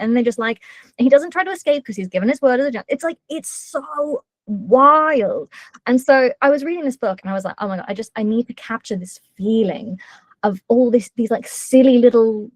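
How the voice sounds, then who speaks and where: A woman's voice: on the high side, no echo. Chatty woman author, dry close sound. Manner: lively storyteller, quick asides and many fillers. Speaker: author being interviewed. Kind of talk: casual interview chat.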